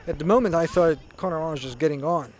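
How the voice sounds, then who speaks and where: A man's voice: on the high side, fast talker, darkish tone. A man doing color commentary at a youth soccer game, chatty, with joking asides and substitution updates. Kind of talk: casual sports commentary. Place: outdoor soccer field. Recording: faint outdoor noise.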